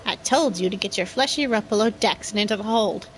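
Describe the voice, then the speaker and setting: A woman voicing a gruff, bossy male skeleton pirate captain who talks in salty pirate slang. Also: mid-range voice, brisk, a little hiss or hum, lightly acted, poor audio.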